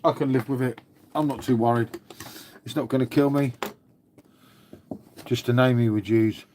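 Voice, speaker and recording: A man's voice: mid-range voice, steady tone, normal speed, darkish tone, a little hiss or hum. An English man hosting a casual live stream from home, rambling chattily, swearing now and then and answering his chat. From England.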